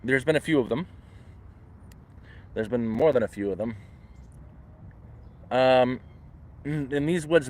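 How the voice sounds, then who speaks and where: A man's voice: medium pitch, darkish tone. A Canadian man livestreaming casually from the woods, rambling and acting out the voices in his stories. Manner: rambling, restarts often, acts out voices in quotes. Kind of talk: casual live storytelling. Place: outdoors in the woods.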